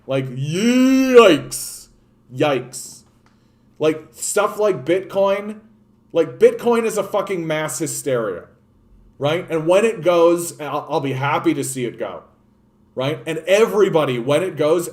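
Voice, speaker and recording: A young man from Canada ranting about politics, swearing often and swinging between loud outbursts and hushed, soothing asides. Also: on the high side, expressive, a little slow. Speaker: political streamer. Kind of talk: profane political rant.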